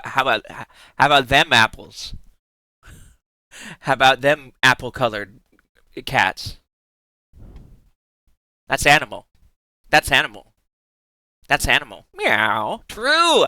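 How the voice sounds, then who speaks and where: A man's voice: medium pitch, big pitch swings, a little slow, sharp tone, dry recording. A man streaming live in casual chat, giggling often and rambling in playful asides with many restarts.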